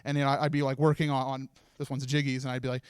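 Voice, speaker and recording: A man's voice: medium pitch, little pitch movement, rapid-fire, clear, resonant tone, no room sound. A man hosting a live charity event, nervously rambling and laughing as he hands out awards, with faint music behind him. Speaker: host handing out awards. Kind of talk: emotional live event speech. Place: live stream event room.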